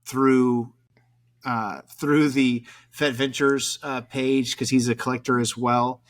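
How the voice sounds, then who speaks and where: A man's voice: medium pitch, takes it slowly. Man, podcast host, casual chat, rambling, lots of fillers. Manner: relaxed, rambling with many fillers.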